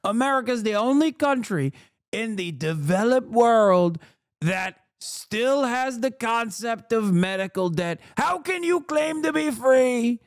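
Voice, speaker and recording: A man putting on the voice of a bombastic male politician with a booming, crowd-rousing delivery. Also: no room sound, studio quality, exaggerated voice.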